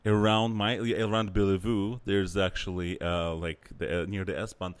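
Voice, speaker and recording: A man's voice: sits low, level tone, moderate pace, clean tone. A man co-hosting a casual comedy podcast, giggling often and stumbling over his words. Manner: giggly, stammering, lots of laughter. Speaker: podcast co-host. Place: Berlin.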